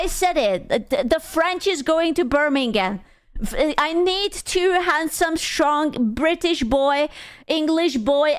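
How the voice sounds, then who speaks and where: A woman streamer chats loosely with her viewers in a high, smooth voice. She is playful, swears freely and laughs often, and she talks at an unhurried pace. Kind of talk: casual live-stream chat with viewers.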